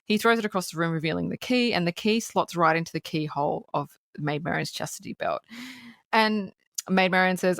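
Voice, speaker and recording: A woman co-hosting a movie podcast, recapping a comedy film plot in a casual, animated way and laughing often. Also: lowish voice, a little fast, gravelly, dry recording, studio quality. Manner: animated retelling, laughs often, quotes characters. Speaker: podcast co-host.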